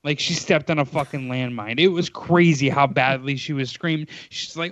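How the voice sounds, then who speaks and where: A man's voice: fairly high pitch, moderate pace, a bit bright, no room sound, dull audio. A young man co-hosting a podcast, telling a story in a laid-back, casual way, swearing freely and acting out quotes in a raised voice. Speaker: podcast co-host.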